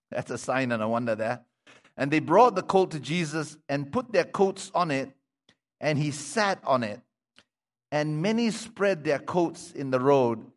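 A pastor preaching a sermon, reading scripture aloud and breaking off to comment to his congregation. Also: on the high side. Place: church sanctuary. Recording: long hall reverb.

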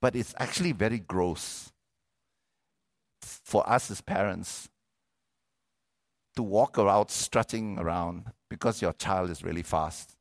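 Man, middle-aged, pastor, sermon, animated, repeats himself, call for amens. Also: low voice, slow pace, pauses often. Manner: animated, repeats words, asks the crowd for amens.

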